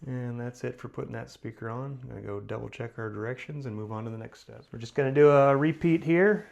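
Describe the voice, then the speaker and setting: A man with a gravelly, creaky voice walks through a hands-on install as he works. His talk is relaxed and full of fillers, with faint noise behind him. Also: medium pitch, fast talker, lo-fi sound. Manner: relaxed, talks while working, frequent fillers. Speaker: DIY installer.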